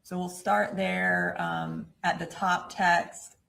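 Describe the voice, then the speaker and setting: A woman prosecutor questioning a witness in a courtroom in a measured, procedural way. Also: fairly low pitch, very animated, vocal fry, fairly bright tone, poor audio.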